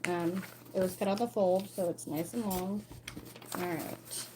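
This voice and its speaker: A woman's voice: on the low side, steady tone, unhurried, noisy background. Chatty woman thinking aloud at her craft table. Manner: chatty, thinking aloud while cutting fabric. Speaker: sewing instructor. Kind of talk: casual sewalong tutorial.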